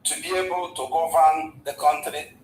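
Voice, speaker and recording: A man's voice: fairly high pitch, level tone, normal speed, reverberant, slight background noise, poor audio. A man, a guest in a casual discussion, who stumbles and repeats words as he retells history at length. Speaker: guest commentator.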